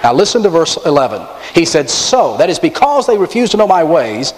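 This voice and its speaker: Lively pastor in a reverberant sanctuary. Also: male voice, fairly high pitch, fairly quick, few pauses. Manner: animated preaching with dramatic emphasis and wry asides. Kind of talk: sermon. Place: church sanctuary. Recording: long reverb of a large sanctuary.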